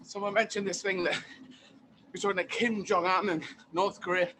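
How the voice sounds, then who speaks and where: A man being interviewed as a guest comedian, talking in an animated, emphatic way and repeating phrases for effect. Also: high voice, normal speed, background noise. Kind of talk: casual interview chat.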